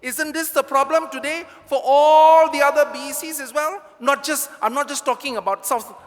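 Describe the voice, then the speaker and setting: A man's voice: extremely high pitch, steady tone, normal speed, long reverb tail. A priest with a Malaysian English accent, giving a chatty, joking homily straight to his congregation in a large church.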